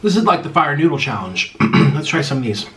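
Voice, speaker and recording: A young man chatting casually on his vlog while eating spicy food, his mouth burning, clearing his throat often and rambling through viewer questions. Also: a little high, big pitch swings, fairly quick, slight background noise, rough recording. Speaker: vlogger.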